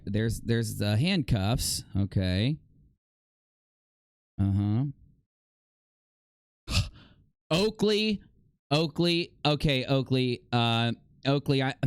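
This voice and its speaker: A man's voice: clear, resonant tone, dry recording, clean studio sound. A man hosting a casual livestream, reacting with dramatic mock outrage and repeating himself. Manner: dramatic mock outrage, jumping to loud high shouts. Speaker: livestream host.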